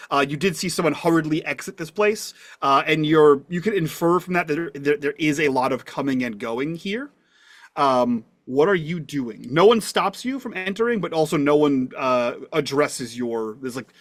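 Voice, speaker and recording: A man narrating a tabletop game as game master, halting and full of fillers. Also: mid-range voice, a bit bright, no echo.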